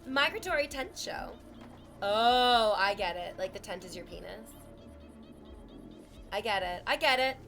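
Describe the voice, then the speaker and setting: A woman's voice: mid-range voice, lively intonation, unhurried, pauses often, fairly bright tone, soft background music. A woman streaming from home, chatting casually with her viewers in a sarcastic, teasing way and swearing freely.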